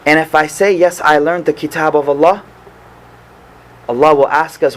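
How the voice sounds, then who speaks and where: High-voiced man giving an earnest sermon. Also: fairly even intonation, normal speed, pauses often, a bit bright, low-quality recording. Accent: American. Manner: earnest storytelling, repeats phrases for emphasis. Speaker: imam. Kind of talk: sermon lesson.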